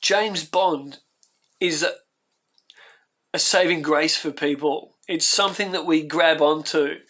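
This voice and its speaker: A man's voice: on the high side, takes it slowly, sharp tone. An Australian man hosting his own channel, giving heartfelt, rambling reaction commentary that circles back on itself, and getting emotional as he talks. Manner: heartfelt, ranting, repeats himself. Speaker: YouTube host.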